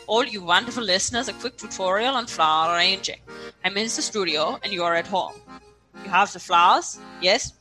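Woman doing stern German florist's assistant, bossy, deadpan, bright forceful tone. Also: medium pitch, lightly acted, low-quality recording. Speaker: flower arranging tutor. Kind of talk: comedy sketch character.

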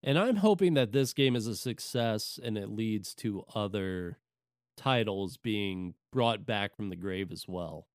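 Expressive and at a measured pace, this male podcast co-host has a fairly low-pitched voice. His casual video game chat wanders, packed with fillers and false starts. Clean studio sound, no room sound.

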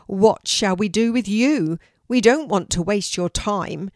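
A woman's voice: mid-range voice, normal speed, dry recording, studio quality, natural voice. An older woman voicing a sneering big one-eyed male stray cat who leads a gang, in a storybook reading. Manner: sneering, gruff.

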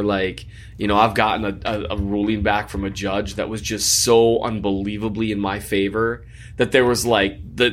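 A man's voice: on the low side, fairly bright tone. A man co-hosting a casual sports podcast, chatty and jokey, rambling through restarts. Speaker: podcast co-host.

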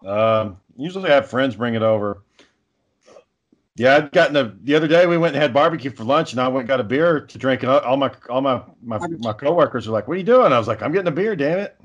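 A man's voice: mid-range voice, fast talker, dull audio. A man in a casual chat, blunt and teasing, swearing freely.

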